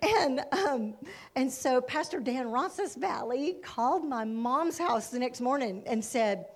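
A woman missionary telling her personal testimony in an animated way, often exclaiming praise. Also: high voice, moderate pace.

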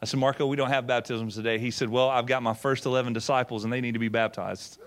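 A man's voice: mid-range voice, steady tone, quick pace. A middle-aged man, a pastor, telling a story in a sermon in a folksy way, acting out quotes and often repeating words. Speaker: pastor and former missionary.

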